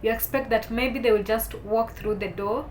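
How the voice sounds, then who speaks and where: A young woman speaks to her viewers in a fairly high voice, fighting back tears. Her delivery is heartfelt and halting, with soft stretches that swell when emotion rises. A faint ambient hum sits behind her. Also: steady tone. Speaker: vlogger. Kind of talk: personal talk to camera.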